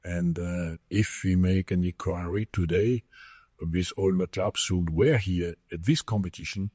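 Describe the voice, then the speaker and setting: A man answering at a press conference in a measured way with hesitations. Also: low-pitched, a little mellow, slightly rough, dry recording, clean studio sound.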